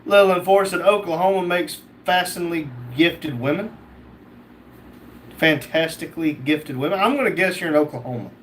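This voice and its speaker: A man's voice: a little high, normal speed, slight background noise. A man hosting a casual livestream, reading out chat comments and joking back.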